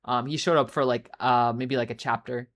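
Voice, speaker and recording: On her livestream, a woman says hello to viewers and chats in a meandering, filler-heavy way, swearing as she goes. Her voice is a rumbling low with fairly even intonation and a moderate pace.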